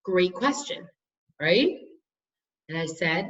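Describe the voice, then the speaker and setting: A woman's voice: lowish voice, moderate pace, a bit bright, far from the mic, lo-fi sound. A woman in her thirties teaching a study class, chatty and storytelling with frequent restarts.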